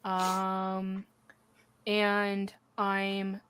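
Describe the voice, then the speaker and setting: A woman voicing a shy, distractible twelve-year-old boy who talks haltingly with many pauses. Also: medium pitch, monotone, fairly bright tone, clear, resonant tone. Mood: hesitant. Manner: hesitant, halting with ums.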